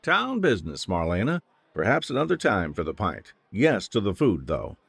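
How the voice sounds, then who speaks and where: A brisk town guard captain, played by a male narrator in a fantasy audiobook. He speaks curtly and to the point, with a gravelly texture. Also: lowish voice, wildly swooping pitch, a bit bright, no room sound, exaggerated voice.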